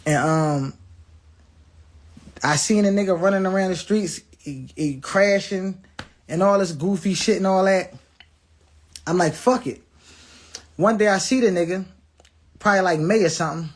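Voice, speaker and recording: A high-pitched man speaks at a moderate pace with long pauses as he tells viewers a personal story. His delivery is blunt and full of swearing, with quoted lines acted out and frequent repeated or restarted words.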